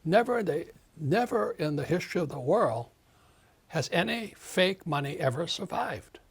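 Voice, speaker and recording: Being interviewed, an older author in his seventies speaks emphatically, ranting and performing quoted voices. He sounds fairly high-pitched, animated, creaky and husky, moving at a normal speed.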